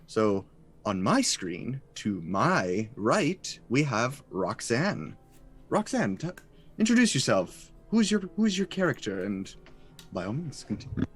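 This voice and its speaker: A man's voice: mid-range voice, sing-song, takes it slowly, breathy edge, soft background music. A man hosting a live tabletop game as dungeon master, chuckling and improvising his way through the introductions.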